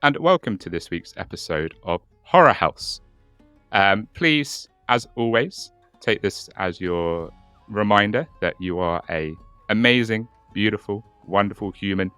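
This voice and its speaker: A man's voice: lowish voice, lively intonation, a little slow, bright, forceful tone, smooth, no echo, soft background music. A young man co-hosting a casual podcast, swearing and repeating words as he narrates a case. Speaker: podcast co-host.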